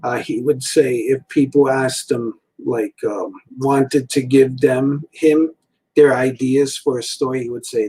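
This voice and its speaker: A toy and cartoon reviewer in his forties rambles casually from a room at home, his talk loaded with fillers and frequent chuckles. His medium-pitched voice is warm, with fairly even intonation and a measured pace. The recording is rough, with slight background noise.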